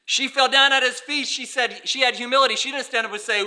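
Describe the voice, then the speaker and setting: A man's voice: very high-pitched, fairly even intonation, quick pace, sharp tone. A man preaching a sermon as pastor, emphatic and repeating his points.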